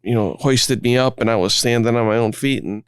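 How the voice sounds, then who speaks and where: A man, a guest, telling stories in relaxed conversation, often restarting his phrases. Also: medium pitch, a little fast, clean tone, dry recording. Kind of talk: conversational storytelling.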